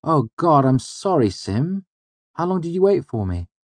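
Brief: man doing an earnest young student hero in an audiobook, higher and lively. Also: measured pace, no echo. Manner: apologetic, earnest.

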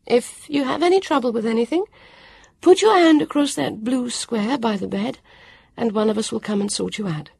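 A woman's voice: on the high side, moderate pace, gravelly, a little mellow, husky, no echo, clean studio sound, pitched above the performer's own voice. A woman voicing a friendly, firm grown woman who calls people dear, read aloud in an audiobook. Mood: kindly firm. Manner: kindly but firm, says 'dear'.

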